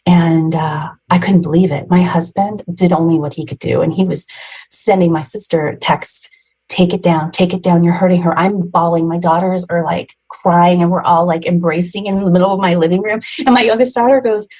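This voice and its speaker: A woman's voice: fairly low pitch, fairly even intonation, normal speed, a little mellow, breathy edge, rough recording. A woman in her forties, a podcast guest, retelling a personal story emotionally and ramblingly, with nervous laughs.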